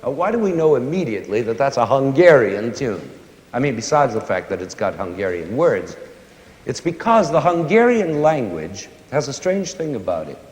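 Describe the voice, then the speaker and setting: A man explaining music to young listeners, his voice rising and falling with lively expression. He stops to sing and hum short examples. The sound is roomy, with a long concert-hall reverb. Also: mid-range voice, normal speed. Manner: animated, sings and hums examples. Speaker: conductor giving a concert lecture.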